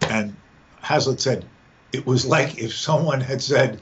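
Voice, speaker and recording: A man's voice: mid-range voice, measured pace. A man talking through ideas in a podcast conversation, often repeating words as he gathers his thoughts. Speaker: podcast guest. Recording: dull lo-fi sound with faint background noise.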